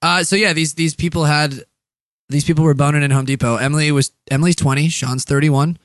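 A man's voice: a little high, fairly even intonation, brisk, no room sound, clean studio sound. A young man co-hosting a casual comedy podcast from a hotel room, joking, rambling and crude. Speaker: podcast co-host.

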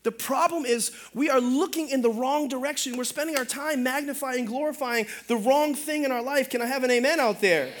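A middle-aged male pastor preaching a sermon in an animated, humorous way, calling out for amens. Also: very high-pitched, a little fast, hardly any pauses, slight background noise.

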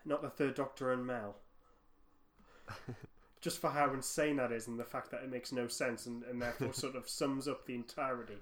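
A man co-hosting a casual podcast, animated and often laughing, breaking off and restarting his sentences. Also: medium pitch, normal speed, slight background noise. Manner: laughing, animated, self-interrupting. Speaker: podcast co-host. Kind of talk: casual fan podcast chat.

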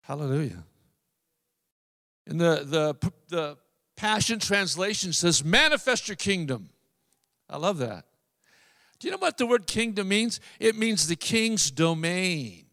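High-voiced preacher in a reverberant hall. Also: male voice, very animated, pushed and bright. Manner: emphatic preaching, drawn-out phrases and repetitions. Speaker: pastor. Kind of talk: sermon.

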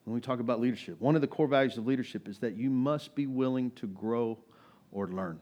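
A man's voice: medium pitch, a little fast, a little mellow. A male pastor preaching a sermon in a church, talking in a casual, conversational way and pressing his points with emphasis. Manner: conversational, emphatic, rising to exhortation.

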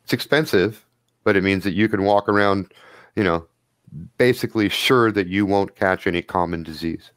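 A man narrating a tabletop role-playing game as game master, relaxed and rambling with fillers. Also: low-pitched, moderate pace, no room sound.

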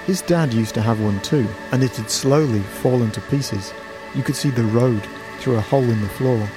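A man reading a story aloud in a calm, measured way. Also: medium pitch. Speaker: narrator. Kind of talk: scripted story narration. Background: music.

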